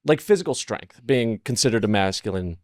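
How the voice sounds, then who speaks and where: A man appearing as a comedian guest on a podcast, telling a story in a loose, animated way that is full of swearing and self-mocking. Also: fairly low pitch, a little fast, no room sound, clean studio sound. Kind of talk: casual podcast chat. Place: podcast studio.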